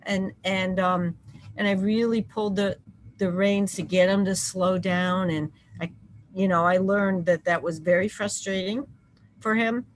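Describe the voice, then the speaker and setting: A woman on a parent panel telling a personal story, halting and full of restarts. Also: mid-range voice, fairly even intonation, a little hiss or hum, low-quality recording. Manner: halting, many restarts and fillers.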